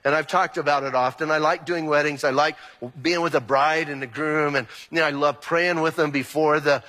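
Animated preaching man in a reverberant hall. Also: a little high, brisk. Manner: animated preaching, emphatic and exclamatory. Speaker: pastor. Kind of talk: sermon. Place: church sanctuary.

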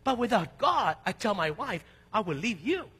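An emphatic male pastor from East Los Angeles preaches with a bright, forceful voice that has a husky edge. His sermon mixes loud peaks with conversational asides and personal stories. It echoes through the long reverb of a church sanctuary. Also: high-pitched, big pitch swings, normal speed. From East Los Angeles, United States. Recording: long reverb of a large hall.

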